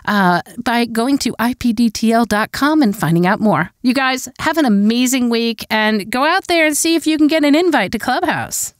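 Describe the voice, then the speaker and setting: A woman's voice: a little high, animated, normal speed, few pauses, dry recording, clean studio sound. A woman hosting an interview podcast, encouraging her guest and laughing often. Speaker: podcast host.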